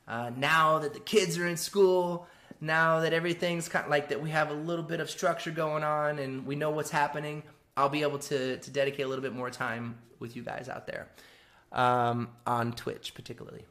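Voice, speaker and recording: A man's voice: fairly high pitch, fairly even intonation, normal speed, pushed and bright. A man chatting casually on a live stream from home, rambling, laughing often and reading out viewer messages.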